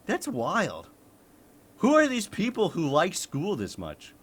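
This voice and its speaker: Animated, foul-mouthed male streamer. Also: high-pitched, takes it slowly, breathy edge. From Maine, United States. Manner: profane, blunt and laughing often; exclamatory, with sudden incredulous outbursts. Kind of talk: casual reaction commentary.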